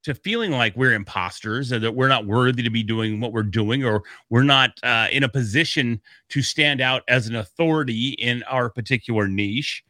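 A man's voice: medium pitch, moderate pace, few pauses, bright, forceful tone, no room sound. A man co-hosting a podcast in casual chat, upbeat and joking. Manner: upbeat, joking, easily laughing. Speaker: podcast co-host.

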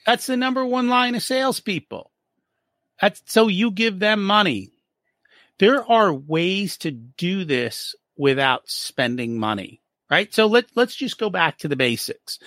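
Guy on a podcast acting out little back-and-forths, swoopy lively voice, bright tone. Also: high-pitched, unhurried, no room sound, clean studio sound. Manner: animated, acts out little dialogues. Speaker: business profitability guest. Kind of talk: casual interview explaining.

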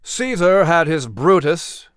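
A man voicing a defiant colonial orator, speaking slowly in a firm, resolute voice. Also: mid-range voice, animated, no room sound, clean studio sound.

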